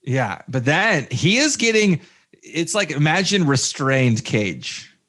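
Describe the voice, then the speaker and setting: A man's voice: a little high, very animated, slow, a bit bright. A man co-hosting a casual movie review podcast, rambling with many fillers and restarts, with jokey asides. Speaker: podcast co-host.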